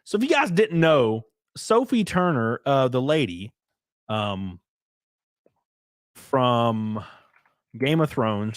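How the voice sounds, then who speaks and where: A man's voice: mid-range voice, no echo, studio quality. A man hosting a casual livestream, crude, joking and rambling. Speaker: livestream host.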